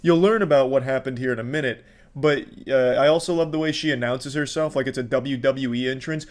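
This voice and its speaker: A man casually commenting on videos in a sarcastic, profane, deadpan way. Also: mid-range voice, brisk. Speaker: online commentator.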